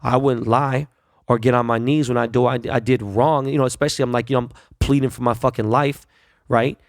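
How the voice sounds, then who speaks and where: A man's voice: mid-range voice, fairly even intonation, brisk, no room sound, clean studio sound. A middle-aged man hosting a podcast, delivering a blunt, profane, heated solo rant. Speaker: podcast host. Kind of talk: ranting solo podcast monologue.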